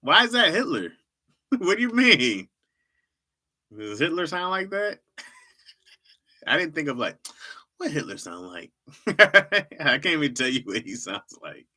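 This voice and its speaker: Lively, bright-voiced man rambling casually. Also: on the high side, takes it slowly, pauses often. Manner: rambling, repeats himself, laughs often, reacts to chat. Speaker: livestream host. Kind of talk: casual stand-up style chat.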